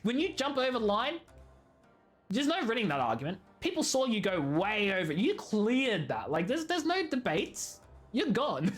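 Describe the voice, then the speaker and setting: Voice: mid-range voice, wildly swooping pitch, moderate pace, faint music behind. A streamer in their late twenties chatting casually with viewers, ranting and mocking themselves, swapping swears for "fudging". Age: 20s. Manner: talks to chat by name, self-mocking. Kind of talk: casual live-stream chat while gaming.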